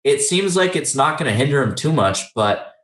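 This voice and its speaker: A man's voice: medium pitch, sing-song, moderate pace, a bit bright. A young man talking in a casual, rambling sports chat, full of fillers and restarts. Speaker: podcast co-host. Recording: roomy echoey recording.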